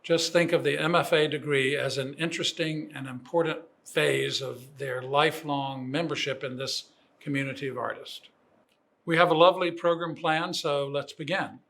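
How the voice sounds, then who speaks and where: An older man, a program director, giving formal commencement remarks in a measured, admiring way. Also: fairly high pitch, vocal fry, bright, forceful tone. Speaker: program director introducing the speaker.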